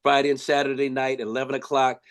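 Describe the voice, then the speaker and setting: An older man from Los Angeles, a former basketball player, telling stories in a casual, animated way with lots of restarts. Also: mid-range voice, fast. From Los Angeles, USA. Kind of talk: casual storytelling.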